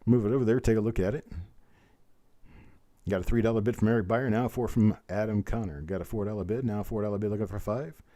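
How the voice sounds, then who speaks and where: Hosting a live coin auction online, this man keeps repeating bid calls and chatting warmly with participants. His voice sits on the low side, with a quick pace, warm tone and fairly level intonation.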